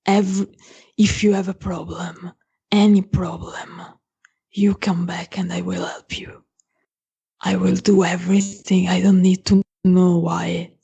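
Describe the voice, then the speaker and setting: A woman in whispered role-play as a fiercely protective female vampire, making halting, earnest vows in a husky whisper. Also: fairly low pitch, little pitch movement, mellow, muffled recording, exaggerated voice. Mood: tender, resolute. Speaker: player.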